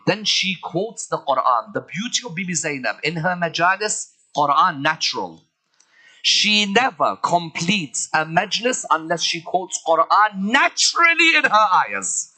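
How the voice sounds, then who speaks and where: Male preacher, dramatic sermon, lively swooping pitch, rhetorical questions. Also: a little slow, low-quality recording. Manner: dramatic, swinging between loud outbursts and hushed lines; asks the audience rhetorical questions.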